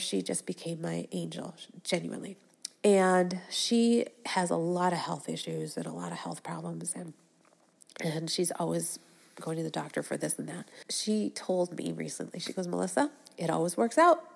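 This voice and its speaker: A woman in midlife talks to her podcast listeners in a low voice with a gravelly fry. She speaks earnestly, and when she repeats her affirmations her voice drops to a soft, breathy hush. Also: expressive, normal speed. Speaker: podcast host. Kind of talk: reflective solo podcast talk.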